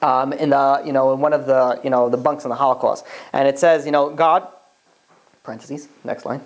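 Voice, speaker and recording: A man, a rabbi, teaching a class in a chatty, animated way, telling stories and acting out the quotes. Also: mid-range voice, fairly quick. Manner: animated, chatty, many fillers and restarts, acts out quotes. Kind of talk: casual classroom lesson with storytelling.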